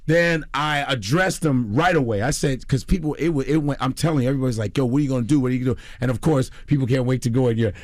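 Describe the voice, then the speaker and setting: A middle-aged man from Chicago, a comedian guest telling an animated story on a radio talk show. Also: mid-range voice, rapid-fire, hardly any pauses, no echo, studio quality. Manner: animated, acts out quoted voices.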